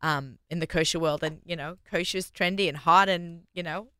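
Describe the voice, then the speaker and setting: A woman with an Australian accent hosting a radio show, talking in a chatty way with quick restarts. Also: fairly low pitch, a bit bright, clean tone, no room sound. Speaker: radio host. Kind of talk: casual radio chat.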